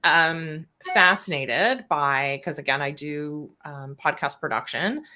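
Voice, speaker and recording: A woman's voice: sits low, slow pace. A woman who co-hosts and produces podcasts, talking in casual chat and acting out examples with laughs. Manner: animated, acts out examples with laughter.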